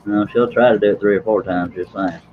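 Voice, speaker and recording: A man's voice: on the low side, steady tone, fairly quick. A man hosting a casual live stream, chatting to viewers in a folksy, joking way. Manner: folksy, joking, chuckles often. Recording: slightly dull, faint background noise.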